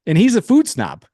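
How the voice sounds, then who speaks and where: A man presenting a sales pitch on a webinar, upbeat, with light chuckles and casual asides. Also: dark tone, slightly rough, no room sound.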